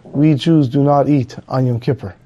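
A man's voice: mid-range voice, steady tone, normal speed, warm tone, lo-fi sound, natural voice. A man voicing a steadfast Jewish camp capo who speaks firmly and plainly. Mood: defiant.

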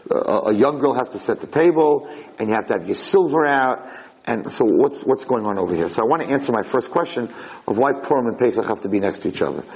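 A man giving a Torah lecture, telling lively personal stories and acting out the dialogue, with frequent "right?" asides. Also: mid-range voice, rough recording. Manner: animated storyteller, acts out dialogue, frequent "right?".

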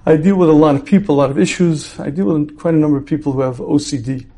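A man's voice: a little high, fast talker, dark tone. A man teaching a religious class in a conversational way, posing rhetorical questions and acting out everyday scenes. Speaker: Torah teacher. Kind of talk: lecture on repentance.

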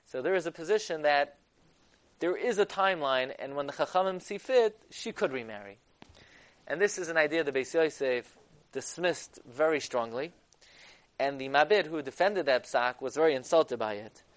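A man giving a text-study lecture. He reads Hebrew sources and explains them in English, growing loud and emphatic at key points. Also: a little high, expressive, normal speed. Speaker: Torah lecturer.

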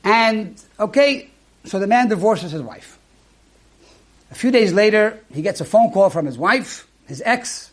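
A man's voice: high voice, moderate pace. A man giving a sermon, telling a story and acting out the people in it. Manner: acts out characters in a story, animated. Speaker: rabbi.

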